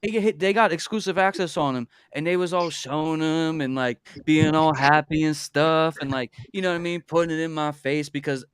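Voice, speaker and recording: A man hosting a livestream in casual chat, animated and repeating himself when excited. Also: on the high side, fairly quick, few pauses, clear, resonant tone, no room sound, studio quality. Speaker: livestream host.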